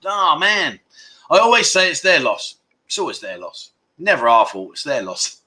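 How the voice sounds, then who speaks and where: A middle-aged man chatting loosely on a livestream, voice pitched a little high and sounding bright and forceful. He wanders between stories and cheeky remarks while reading out viewers' comments. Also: very animated. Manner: rambling, jokey, reads viewer comments aloud with quick asides. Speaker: livestream host. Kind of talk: casual livestream chat.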